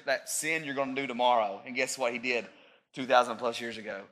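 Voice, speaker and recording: A man in his thirties preaching a sermon as pastor, rising to loud peaks and dropping into joking asides. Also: mid-range voice, steady tone, a little fast.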